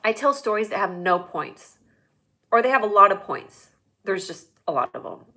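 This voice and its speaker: Chatty, bright-voiced woman host. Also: mid-range voice, moderate pace, slight background noise. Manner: chatty, rambling, excitable. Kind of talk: casual live-stream storytelling.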